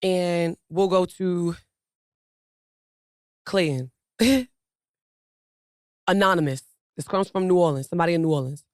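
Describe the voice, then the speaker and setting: A comedy show co-host in a relaxed way, reading listener questions aloud. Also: mid-range voice, a little slow, pauses often, no room sound, clean studio sound.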